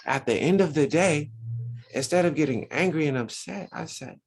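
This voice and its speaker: A man's voice: on the high side, animated, moderate pace, pauses often. A man teaching a religious Sunday school lesson, preaching with lots of rhetorical questions to his listeners.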